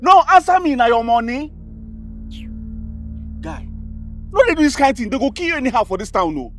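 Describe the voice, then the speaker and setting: A street hustler with a Nigerian Pidgin accent, his high voice leaping up and down as he argues. Soft film music hums underneath. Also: sing-song, rapid-fire, vocal fry, heavily acted. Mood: scolding. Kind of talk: Nollywood film acting.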